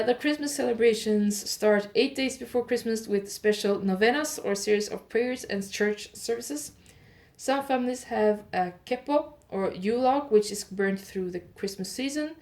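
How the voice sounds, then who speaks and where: A woman hosting an audio advent calendar show. She reads holiday facts in one improvised take, pauses with "uh" to fix her pronunciation, and adds chatty asides to her listeners. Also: on the high side. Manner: reads steadily, stops often with "uh" to correct her pronunciation.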